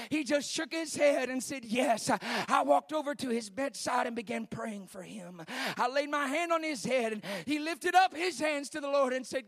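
A high-pitched male preacher telling a story from the pulpit. He is animated, dropping low and quiet for the retelling and then rising to shouted peaks. The sound is close and dry. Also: moderate pace, no room sound. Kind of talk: sermon storytelling.

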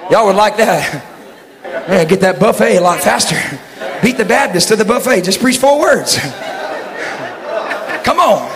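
Texan preacher, very high voice, shouts his lines in rhythm with "uh" fills, reverberant sanctuary with a noisy congregation. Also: animated, measured pace, long pauses, some chatter behind. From Texas. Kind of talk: sermon. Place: church sanctuary. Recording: echoey church hall with congregation noise.

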